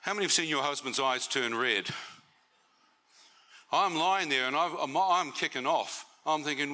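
A man's voice: fairly high pitch, moderate pace, pushed and bright. A man giving a testimony sermon to a church meeting, conversational and often asking the audience questions.

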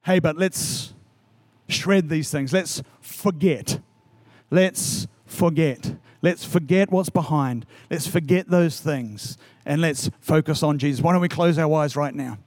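Man, pastor, sermon and prayer, earnest, urging, repetitive phrasing, higher pitch, dry sound. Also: slow, darkish tone, no room sound.

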